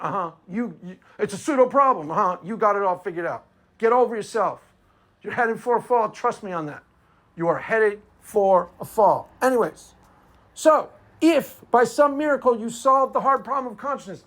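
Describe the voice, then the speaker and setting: A man holding forth in a combative monologue, sarcastic and dismissive toward his opponents. He keeps posing a quick question to himself and knocking it down. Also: sits high, expressive, a bit bright. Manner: combative, sarcastic, repeats rhetorical "Why?". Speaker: apologetics commentator. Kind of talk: argumentative monologue.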